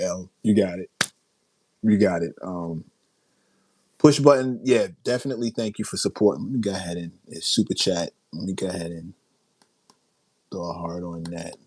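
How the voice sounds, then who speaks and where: A man from Queens hosting a casual livestream, reading out viewer chats, his voice strained after a long night of yelling. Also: fairly low pitch, fairly even intonation, moderate pace, no room sound. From South Jamaica, Queens, New York. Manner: reading and answering viewer chat, with self-interrupting restarts. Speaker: livestream host.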